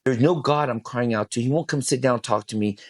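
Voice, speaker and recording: A man's voice: medium pitch, quick pace, no echo. A man guesting on a podcast, telling an intense personal story with emphatic, profane speech. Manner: intense, emphatic, swears freely.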